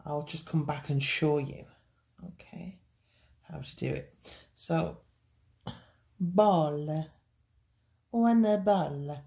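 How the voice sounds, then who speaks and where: Lady doing a slow chatty fondant tutorial, mellow lowish voice. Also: steady tone, creaky. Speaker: cake decorating tutor. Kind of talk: hands-on baking tutorial.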